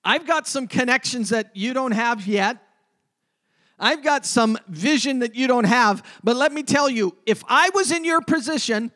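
High-voiced male preacher. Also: unhurried. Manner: emphatic, shifts between loud and hushed. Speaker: pastor. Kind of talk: sermon.

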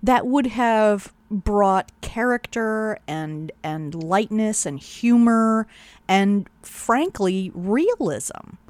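A woman co-hosting a casual podcast chat, animated, laughing often and swearing freely. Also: mid-range voice, drawn-out words, no echo. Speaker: podcast co-host.

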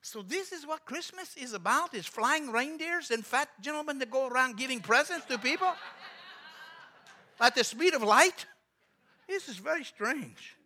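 A man's voice: extremely high pitch, expressive, normal speed, sharp tone, voice pushed up, exaggerated voice. A man voicing a blunt former KGB man from abroad who speaks broken English and asks puzzled questions. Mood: amused, incredulous.

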